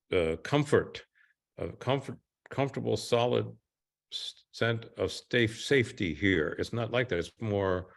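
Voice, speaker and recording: A man working as a therapist, guiding a client through a slow, soothing body-awareness exercise. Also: fairly low pitch, gravelly. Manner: slow, soothing guided instructions. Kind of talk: guided therapy session.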